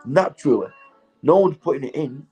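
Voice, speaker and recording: A man's voice: a little high, lively intonation, brisk, mellow, soft background music, poor audio. A man, stoned, rambling in a casual vlog monologue, swearing heavily and laughing often. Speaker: vlogger.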